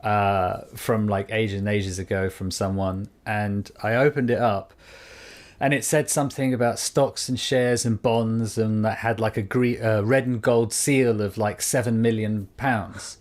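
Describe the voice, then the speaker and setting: A man's voice: fairly low pitch, steady tone, unhurried. A man from the United Kingdom co-hosting a podcast, talking casually and acting out quoted voices as he tells a story. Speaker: podcast co-host. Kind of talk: casual chat. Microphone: studio microphone.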